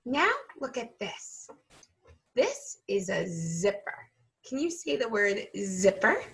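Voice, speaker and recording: A woman teacher leading an early-reading lesson for young children, slow and patient, stretching out each sound. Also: mid-range voice, very animated, creaky, fairly bright tone.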